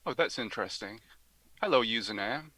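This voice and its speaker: Bright-voiced man making prank calls. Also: lowish voice, expressive, a little fast, slightly rough, dry recording, poor audio. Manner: mock-polite, apologetic caller. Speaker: prank caller, show co-host. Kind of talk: prank call comedy.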